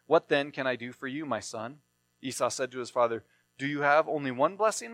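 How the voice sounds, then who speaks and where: A man's voice: mid-range voice, fairly quick, a bit bright, no room sound. A man reading a Bible passage aloud and then explaining it in a plain sermon style. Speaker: preacher.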